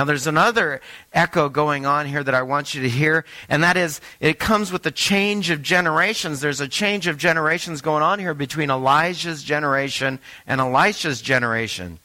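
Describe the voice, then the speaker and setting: A man's voice: on the high side, sharp tone, poor audio. A man preaching a sermon, talking to the congregation in a conversational way and asking them questions. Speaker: pastor.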